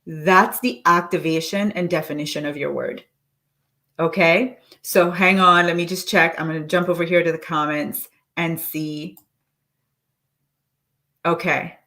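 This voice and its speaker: A woman leading a live online coaching session, encouraging listeners and reciting affirmations slowly and deliberately. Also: on the low side, a bit bright. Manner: encouraging, with frequent restarts.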